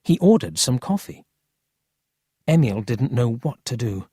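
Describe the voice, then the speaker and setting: Storybook narrator, slow, lively pitch, husky, dry sound. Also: no echo. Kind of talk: storybook reading for English learners.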